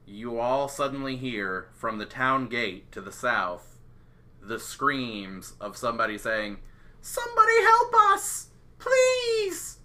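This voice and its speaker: Casual: guy running a d&d table, really bright sharp tone, laid back and chuckly. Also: lowish voice, slow pace. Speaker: game master.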